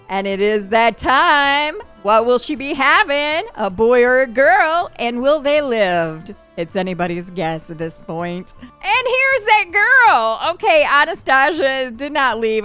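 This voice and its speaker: A woman gamer narrates her play session in an easygoing, chatty way, her voice a touch high and very clear. She laughs often and jumps into excited squeals at surprises. Faint game music sits quietly behind her. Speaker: gaming channel host. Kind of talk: casual let's-play commentary.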